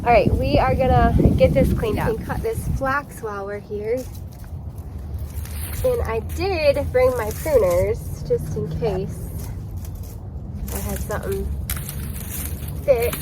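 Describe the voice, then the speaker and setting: A chatty woman with a somewhat high voice talks casually to her viewers while working in her garden. The recording is outdoors, with clear background noise and passing traffic behind her. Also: slow, pauses often. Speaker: gardening vlogger. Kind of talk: casual chat to camera.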